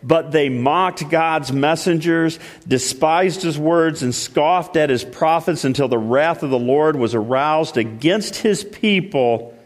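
Male pastor, fairly high voice, emphatic stop-start sermon delivery, church hall with a long echo. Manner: emphatic preaching with many repeated starts, dropping low and slow for weight. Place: church sanctuary. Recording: long reverb of a large hall.

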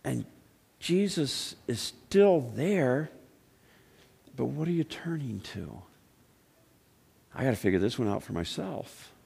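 A man preaching a sermon, telling stories and asking questions, swinging between loud exclaiming and hushed, quiet passages. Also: medium pitch, lively intonation, takes it slowly, creaky, pauses often, husky. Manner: storytelling with repeated restarts and rhetorical questions. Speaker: pastor.

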